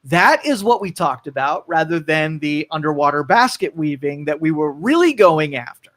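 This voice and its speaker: A man's voice: on the high side, moderate pace. A man hosting a call-in talk show, talking casually and rambling through opinions and comic stories. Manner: rambling, animated storytelling. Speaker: radio talk show host.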